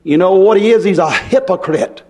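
A preacher man with a high, ringing voice delivers a fiery sermon. He talks in a folksy, impassioned way, climbing to hollers and then dropping low and quiet. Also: moderate pace.

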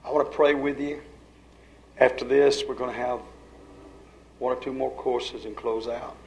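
At a live church service, a preacher leading worship delivers a revival sermon and prayer, urging the congregation on in fervent call-and-response. His voice is mid-range, steady, and normal in speed, with a little hiss or hum. The hall is echoey, and loud music plays behind him.

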